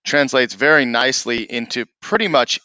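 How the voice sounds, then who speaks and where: A male podcast host with a bright, forceful and smooth voice, recorded close and dry. He keeps a casual, conversational tone, often tagging his points with a quick "right?". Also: mid-range voice, no echo. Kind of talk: casual interview chat.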